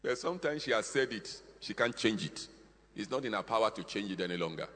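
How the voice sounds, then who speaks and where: A man preaching a sermon with emphatic, repetitive phrasing, swinging between hushed and loud. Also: fairly low pitch, animated, brisk. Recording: long hall reverb.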